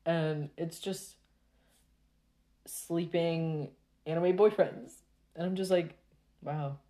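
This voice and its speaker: A woman talking casually to her viewers in a rambling, exasperated rant full of halting restarts. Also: fairly low pitch, fairly even intonation, warm tone.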